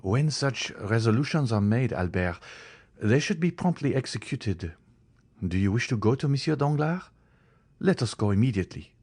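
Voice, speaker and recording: A man voicing a cautious young friend who speaks in a calm, measured, restraining way. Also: mid-range voice, husky, voice pushed up. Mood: cautioning.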